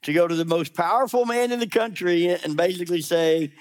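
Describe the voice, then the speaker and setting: A man's voice: sits high, steady tone, brisk. A man preaching a sermon as a pastor, talking in a conversational way, challenging his listeners directly and dropping sarcastic asides.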